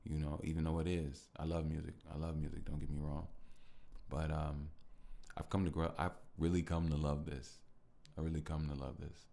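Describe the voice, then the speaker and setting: Very deep gravelly-voiced man, reflective. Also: little pitch movement, moderate pace, warm tone. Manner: emotional, repetitive, thankful to listeners. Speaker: podcast host. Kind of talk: reflective solo podcast talk.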